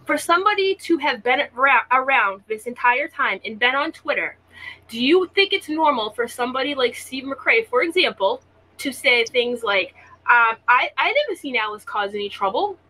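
A woman hosts a livestream in a blunt, slangy, mocking manner. Her voice is high and bright with a sharp edge, and she comes through over an online stream call. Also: lively intonation, moderate pace, rough recording. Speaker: livestream host. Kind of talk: casual livestream chat. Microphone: online stream call audio.

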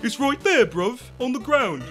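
A man's voice: very high voice, lively intonation, moderate pace, fairly bright tone, faint music behind, pitched above the performer's own voice. A man voicing a lazy, teasing male skeleton with a laid-back drawl, tacking slang onto every line. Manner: laid-back, teasing, says bruv a lot.

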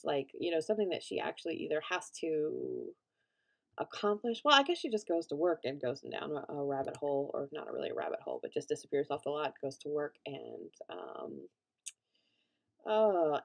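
A woman with a lowish, gravelly voice talks casually over her own gameplay as a let's play gamer. Her commentary rambles, full of fillers and restarts, punctuated by panicked shrieks and laughter.

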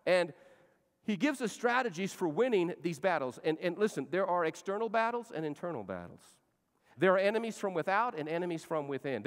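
A man, a church pastor, preaching in a large church sanctuary. His voice sits a little high, and it swings from quiet confiding asides to shouted, emphatic exhortations. A long reverb trails behind him. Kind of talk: sermon.

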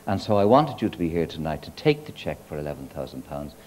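A man's voice: rumbling low, big pitch swings, fast, darkish tone. A man in his sixties hosting a live television chat show, questioning guests in a studio. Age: 60s. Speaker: talk show host. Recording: TV studio with audience and noise.

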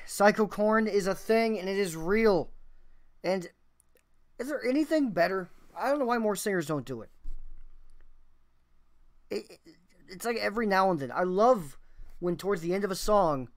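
Hosting a music reaction video, a man talks casually and enthusiastically, thinks aloud, and swears now and then. His voice sits high.

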